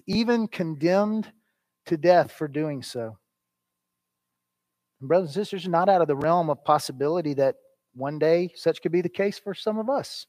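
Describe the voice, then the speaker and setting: A man with a slightly high voice preaches an earnest sermon. He swings from loud, stressed phrases down to hushed lines. The sound is dry and close, with no room echo. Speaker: pastor.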